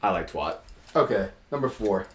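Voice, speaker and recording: A man's voice: low voice, animated, moderate pace. A young man with a New York accent, co-hosting a podcast, telling crude stories and laughing often. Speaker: podcast co-host. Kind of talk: casual chat.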